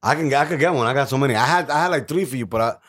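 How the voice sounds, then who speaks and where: A man's voice: medium pitch, fairly bright tone. Profane New man, rambling banter. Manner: rambling, profane, halting restarts. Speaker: podcast co-host. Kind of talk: casual chat.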